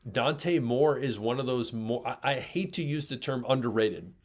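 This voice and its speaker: A man's voice: medium pitch, moderate pace. A man from Michigan co-hosts a casual sports talk show. He speaks in an ordinary middle register and makes emphatic points, piling up examples as he talks. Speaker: sports podcast co-host.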